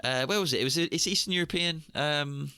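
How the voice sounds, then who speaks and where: A man's voice: on the high side, fairly quick, pushed and bright, smooth, no room sound, clean studio sound. An English man co-hosting a podcast, chatting casually with wry, jokey asides. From England. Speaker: podcast co-host. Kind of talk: casual chat.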